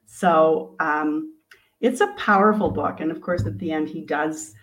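A woman's voice: low-pitched, a little slow, fairly bright tone, low-quality recording. A woman, an author and coach, animatedly retelling her storybook in an interview and acting out its quotes.

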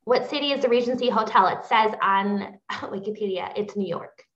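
A woman's voice: mid-range voice, normal speed, a bit bright. Easygoing woman in a roomy, dull recording. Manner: easygoing, agreeable, laughs often. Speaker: podcast co-host. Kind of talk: casual book-club chat.

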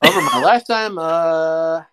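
A man's voice: a little high, a little slow, a bit bright, clear, resonant tone. A man guesting on a casual podcast, easygoing and polite, hesitating with many fillers.

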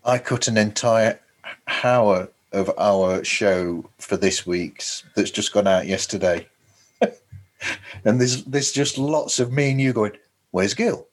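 A man's voice: lowish voice, slow pace. A man co-hosting a podcast, chatting casually and teasing his partner. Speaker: podcast co-host.

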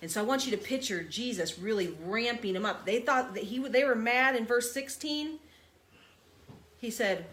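A woman's voice: a little high, moderate pace, a bit bright. A woman teaching a verse-by-verse Bible study in an emphatic, conversational preaching manner, asking her listeners to picture the scene.

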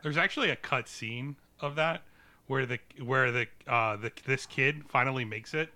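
A man co-hosting a casual movie-review podcast, talking in halting restarts. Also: medium pitch, sharp tone. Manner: hesitant, stammering restarts. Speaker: podcast co-host.

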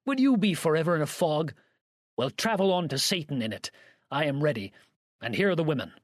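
Male reader voicing an angry rancher, blustering, louder and higher, dry close sound. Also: expressive, moderate pace, no echo. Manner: blustering, cursing.

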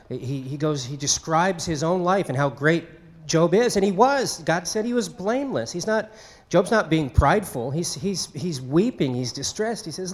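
A man's voice: a little high, lively intonation, normal speed. A man preaching a sermon in a conversational way, acting out quoted speech. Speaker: pastor.

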